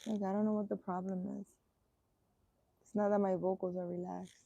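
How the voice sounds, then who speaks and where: A woman energy healer chatting casually outdoors, answering viewer comments aloud in an unhurried way, her throat irritated so her voice keeps catching. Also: mid-range voice, little pitch movement, gravelly, dark tone, no echo, muffled recording. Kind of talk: casual live chat. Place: outdoors in the sun, birds around.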